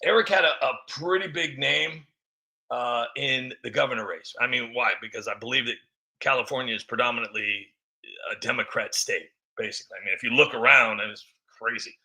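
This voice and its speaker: A man's voice: mid-range voice, a little fast, bright, forceful tone. A man giving a rambling, mocking political commentary with many fillers. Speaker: vlogger.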